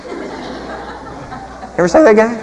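A fairly high-voiced man delivering a lively, joking sermon, his voice swinging from loud bursts down to quiet asides. The sound carries a long hall reverb, as from a large church. He keeps an easy, conversational preaching style throughout. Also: takes it slowly, a faint crowd, slight background noise. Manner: animated, humorous, swinging from loud to soft.

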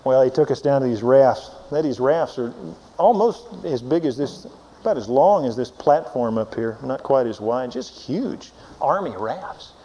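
A man preaching a sermon, telling a lively story and chuckling as he goes. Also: mid-range voice, moderate pace. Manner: lively storyteller, chuckling through his anecdote. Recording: dull lo-fi recording with faint hiss.

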